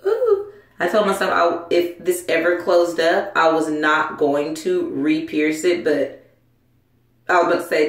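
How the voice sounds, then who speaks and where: A woman vlogger chatting casually to her viewers, excitable and frantic, exclaiming often. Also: on the low side, measured pace. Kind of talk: casual vlog chat. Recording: echoey room.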